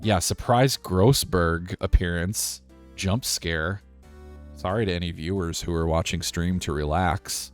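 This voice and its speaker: A man's voice: low voice, measured pace, faint music behind. A man streaming a game live, joking in laid-back asides and explaining the voices he does. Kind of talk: live gameplay commentary with character voices.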